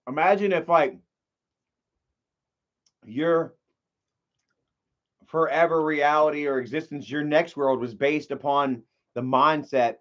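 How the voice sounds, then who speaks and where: Rambling, cussing man on a lo-fi stream. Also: a little high. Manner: rambling and profane, heavy use of filler words. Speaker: livestreamer. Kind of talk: casual livestream chat.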